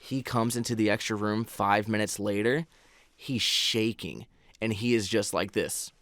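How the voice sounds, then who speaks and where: A man in his twenties, a podcast host, telling a story in an animated, slangy way and calling people bro. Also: on the low side, measured pace, no echo. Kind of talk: casual storytelling.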